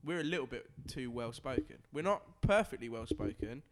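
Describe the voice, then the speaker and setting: A man's voice: medium pitch, animated, brisk. A man co-hosting a podcast in casual chat, joking and laughing. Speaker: podcast co-host.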